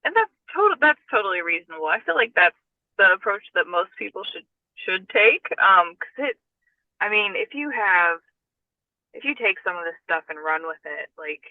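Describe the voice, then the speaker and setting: A woman's voice: medium pitch, sing-song, moderate pace, dry recording. A woman talking as a guest about paranormal research, chatty, with frequent laughs and fillers. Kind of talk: casual conversation. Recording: tinny phone-line audio.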